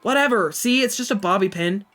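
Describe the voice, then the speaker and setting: A sulky, evasive young circus performer, as a woman puts her on, brushing off questions with short, prickly retorts. Her voice sits a little higher than an everyday speaking voice, with mildly raised energy. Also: a little fast, a bit bright, faint music behind, lightly acted. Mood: defensive. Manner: curt, dismissive, sulky retorts.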